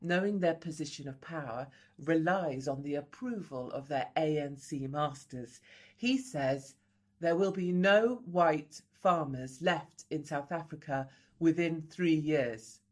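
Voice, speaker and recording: A woman's voice: sits low, a little mellow. A woman reporter giving grave, emphatic scripted documentary narration. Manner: grave, emphatic, measured delivery.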